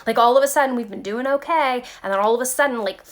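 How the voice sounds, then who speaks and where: A fast-talking woman with a slightly high voice speaks informally to her viewers about spiritual matters, like a vlogger thinking out loud. Her chatty, animated delivery is full of "like" and "okay."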